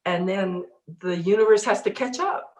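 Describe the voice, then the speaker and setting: A middle-aged woman, a spiritual teacher, telling her life story in a casual interview, animated and laughing often. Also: mid-range voice, moderate pace, roomy sound. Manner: animated, laughs often, acts out inner voices.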